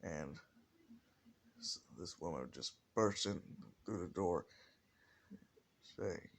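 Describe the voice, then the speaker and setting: A man's voice: very deep voice, lively intonation, slow pace, gravelly, long pauses, a bit bright, husky. A man telling an improvised fan story in a rambling way, full of restarts and "like". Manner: rambling, many restarts and fillers like "like". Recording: faint background hiss.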